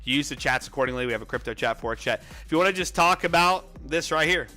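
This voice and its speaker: Breathless, excitable male livestream host. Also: on the high side, faint music behind. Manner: energetic, reads viewer names rapidly, excitable outbursts. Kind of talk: casual livestream chat.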